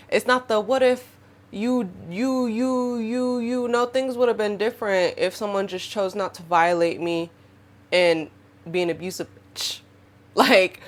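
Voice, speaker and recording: A young woman talks straight to her audience in a loose, casual monologue, sitting right in the middle of the usual range for her pitch. She is expressive, often acting out the voices of people in her story. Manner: expressive, animated, acts out quotes. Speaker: podcast host.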